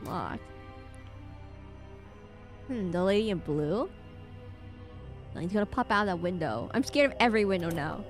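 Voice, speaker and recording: A woman's voice: medium pitch, animated, unhurried, pauses often. A woman giving casual let's-play commentary on a horror game, reading game text aloud with wry asides. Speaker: gamer playing a horror game. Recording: faint game music behind.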